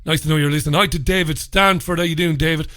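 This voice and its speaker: Clean studio sound with no echo captures a man from England whose slightly high voice keeps a steady tone at a quick pace. As host of a casual radio show, he's chatty, warmly greets listeners by name, swears a little, and is recovering from a head cold.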